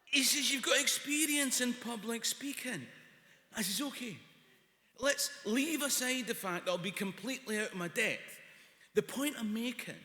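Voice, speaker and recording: Scottish male comic storyteller, high bright voice, animated; echoey hall. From Scotland. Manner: animated, acts out both sides of a phone call. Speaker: comedian and storyteller. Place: large hall at a live event. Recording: echoey hall, long reverb.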